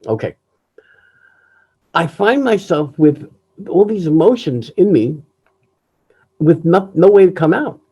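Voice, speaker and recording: Older man, lively voice, emotional and reflective. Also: a little high, breathy edge, dull audio. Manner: emotional, reflective, halting with restarts. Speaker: jazz pianist. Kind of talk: candid personal talk. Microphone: video call.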